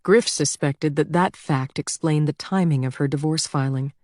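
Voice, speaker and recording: A woman narrating a thriller audiobook in a measured, even storytelling delivery on a close mic. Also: deep voice, no room sound.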